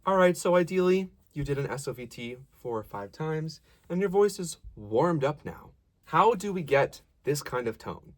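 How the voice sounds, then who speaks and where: A man's voice: on the high side, lively intonation, normal speed. A man giving a casual, encouraging singing lesson, explaining technique and breaking off to demonstrate sounds and sung lines. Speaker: voice teacher.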